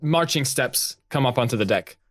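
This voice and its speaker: A man co-hosting a podcast, narrating an improvised adventure story in a relaxed way and laughing often. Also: mid-range voice, normal speed, noisy background.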